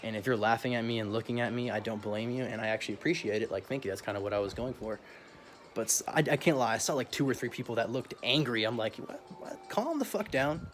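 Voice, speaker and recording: A man's voice: fairly low pitch, steady tone, fast talker, fairly bright tone. A young man vlogging a casual, profane rant full of slang, often laughing as he talks.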